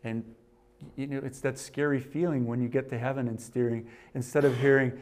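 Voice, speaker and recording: A middle-aged man preaching a sermon. He reads a story aloud, rises in volume for scripture, and drops low for asides. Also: fairly even intonation, a little fast, a little hiss or hum. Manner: varies loudness a lot, rising for scripture and dropping for asides. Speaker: pastor.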